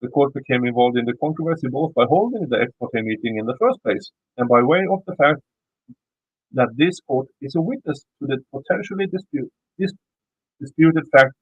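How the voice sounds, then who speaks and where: A man's voice: medium pitch, husky, no room sound, phone-quality sound. Swedish-accented man reading legal text. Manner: stumbling, repeats words while reading. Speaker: YouTube commentator. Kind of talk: reading a legal motion aloud with commentary.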